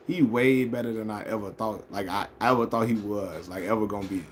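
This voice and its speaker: A man's voice: on the low side, a little fast, few pauses, a little hiss or hum. A man hosting a casual live stream, chatting loosely about basketball and reading viewer comments. He talks in slang, repeats his phrases and laughs often. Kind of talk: casual sports chat.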